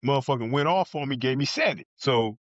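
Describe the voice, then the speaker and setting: A man's voice: medium pitch, expressive, fairly quick, no room sound, dull audio. Profane storyteller man from New Jersey. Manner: blunt and profane, acts out other people's lines. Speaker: podcast guest. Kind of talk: casual storytelling.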